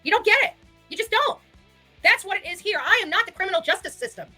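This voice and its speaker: A woman in her forties ranting on a livestream, loud, emphatic and combative. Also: extremely high pitch, expressive, fast, faint music behind. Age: 40s. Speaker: online streamer. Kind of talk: indignant livestream rant.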